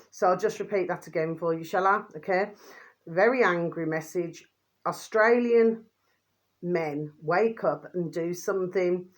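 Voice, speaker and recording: A woman, rambling through casual commentary, full of fillers and tag questions, with quick low asides to her viewers. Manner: drops pet phrase "my delicious babies" in a quick low aside. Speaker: vlogger commenting on videos.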